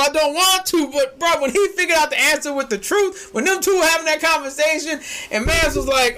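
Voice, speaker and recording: A young man, co-hosting a casual chat that swings from low musing to shouting, laughing excitement. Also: brisk, few pauses. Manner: excitable, shouts and laughs when hyped, slangy. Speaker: podcast co-host.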